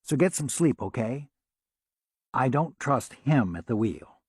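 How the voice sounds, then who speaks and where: A man's voice: medium pitch, big pitch swings, measured pace, a little mellow, husky, dry recording, clean studio sound. A man reading a wry, practical man. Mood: matter-of-fact.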